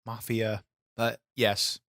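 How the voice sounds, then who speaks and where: A man's voice: lowish voice, completely flat delivery, takes it slowly, bright, forceful tone, no echo, studio quality. A man co-hosting a comedy wrestling podcast in a brash, rambling, profane persona. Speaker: podcast co-host.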